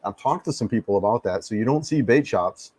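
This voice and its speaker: Laid-back man, low and dry. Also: expressive, fairly quick, darkish tone, husky, no echo. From United States. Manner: easygoing, rambling, repeats words. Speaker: live-stream host. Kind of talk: casual live-stream chat answering viewers. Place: home in the Philippines. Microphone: desk mic he adjusts.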